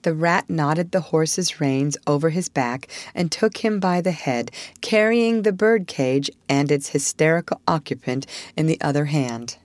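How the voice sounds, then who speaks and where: A woman narrating a classic storybook aloud in an expressive, measured way. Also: deep voice, no room sound.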